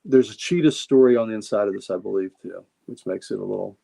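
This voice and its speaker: A man's voice: fairly low pitch, quick pace, gravelly, dark tone. A man chatting casually on a livestream, showing off his comic books with rambling enthusiasm and frequent repeated words. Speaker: guest comic collector.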